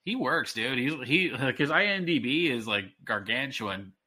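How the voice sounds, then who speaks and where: A man in his thirties co-hosting a podcast, rambling excitedly with many restarts. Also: medium pitch, normal speed. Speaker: podcast co-host. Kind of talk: casual chat.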